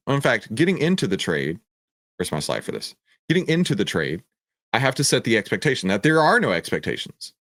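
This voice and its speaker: This trading host, a middle-aged man, has a fairly low yet fairly bright voice, captured dry and clean in a studio. His stock-chart walkthrough is energetic and emphatic, with a preachy streak of rhetorical questions and repeated lines.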